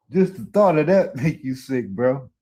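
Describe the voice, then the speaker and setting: A man's voice: on the high side, dark tone, slightly rough. A man in casual chat with a stream host, swearing, repeating himself and laughing a lot.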